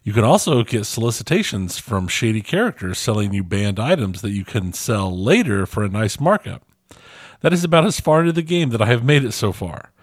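A man's voice: on the low side, very animated, fairly quick, husky, no echo. A man co-hosting a casual podcast, chatting and reading a listener's review aloud with dry, self-deprecating asides. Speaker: podcast co-host.

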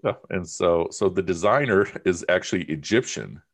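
Really deep voiced guy teaching, casual and emphatic, lots of um and you know. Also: lively intonation, normal speed. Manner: conversational, emphatic, uses many fillers. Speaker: religion teacher. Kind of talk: informal class discussion.

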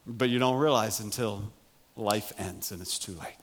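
A middle-aged man preaching a sermon, emphatic, moving between loud raised passages and quiet low asides. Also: normal speed, hardly any pauses. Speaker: pastor.

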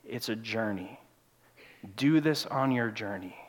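A pastor preaching a sermon in a church, moving between loud, urgent passages and quiet, hushed ones. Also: male voice, fairly low pitch, measured pace. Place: church sanctuary. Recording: long church reverb.

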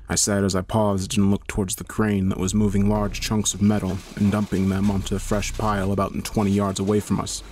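A man narrating a horror story in a steady, measured storytelling manner. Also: fairly low pitch.

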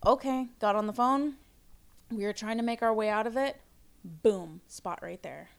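A woman chatting casually with friends, telling lively stories and swearing now and then. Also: fairly high pitch, moderate pace, gravelly.

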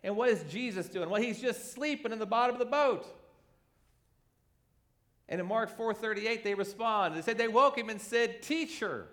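A man preaching a sermon, animated and conversational, acting out the voices in his examples. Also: high-pitched, normal speed. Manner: animated, acts out quoted voices. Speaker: pastor.

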